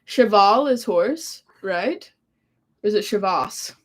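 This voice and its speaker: A woman's voice: medium pitch, lively intonation, slow pace. A woman co-hosting a casual home live stream, reading viewer comments aloud in a playful, giggly way. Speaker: co-host reading live chat.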